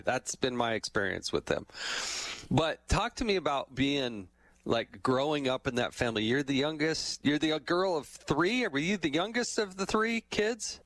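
A middle-aged man hosting an interview, telling stories in a relaxed way and laughing easily. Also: medium pitch, dry recording. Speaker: host. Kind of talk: casual interview chat.

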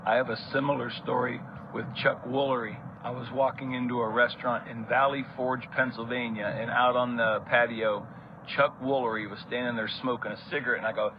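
A man's voice: medium pitch, flat delivery, a little fast, highs cut off, a little hiss or hum. A man, a regular on the show, telling a wry story over the phone. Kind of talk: casual storytelling.

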